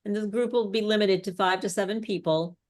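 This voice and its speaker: A woman's voice: mid-range voice, steady tone, a little fast, a little mellow. A woman speech coach leading a live online workshop, explaining step by step with chatty asides.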